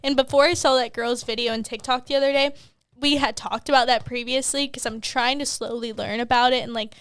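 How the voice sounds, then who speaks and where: High, smooth-voiced candid mom. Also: female voice, steady tone, brisk, a bit bright, no echo. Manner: candid and chatty, swears freely, laughs often. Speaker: podcast co-host. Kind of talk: casual chat. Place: at home, children heard downstairs.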